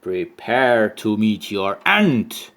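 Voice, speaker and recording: A man voicing a big, boastful bully billy goat in a children's storybook reading, slow and menacing. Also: fairly low pitch, big pitch swings, a bit bright, exaggerated voice. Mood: gloating.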